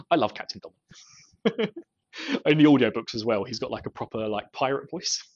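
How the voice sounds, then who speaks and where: A podcast host, a man with a medium-pitched voice and lively intonation, chats casually about a book, speaking a little slowly with long pauses. He laughs often between his thoughts, and the audio is lo-fi and slightly dull.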